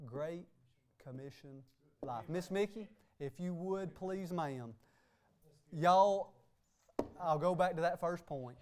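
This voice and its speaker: A man's voice: high voice, slow, long pauses. A man preaching a sermon as pastor, emphatic and repeating "hey" and "okay" between phrases. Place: church sanctuary.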